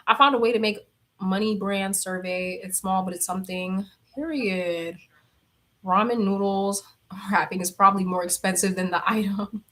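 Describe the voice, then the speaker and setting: A woman's voice: mid-range voice, fairly even intonation, normal speed, a bit bright. A young woman chatting casually on a livestream, reading comments aloud, blunt and laughing often. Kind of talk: casual chat.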